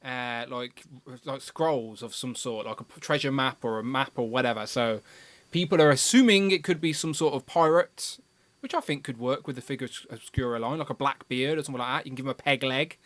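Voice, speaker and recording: A man's voice: mid-range voice, fairly quick, a bit bright, no echo. A man hosting a casual live stream about toys, joking and reading out viewer comments. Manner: jokey, reads out viewer comments. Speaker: livestream host.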